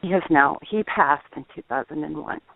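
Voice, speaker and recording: A middle-aged woman calling in, telling a personal testimony in an earnest, halting way, over the phone. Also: low-pitched, creaky, no echo. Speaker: caller. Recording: tinny dry phone line.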